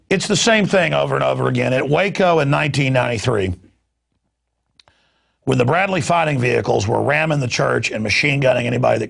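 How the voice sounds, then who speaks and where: Middle-aged male talk host, husky rasp, stammering, fired-up delivery. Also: mid-range voice, fairly bright tone. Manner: impassioned, indignant, stammering repeats. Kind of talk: heated talk radio rant.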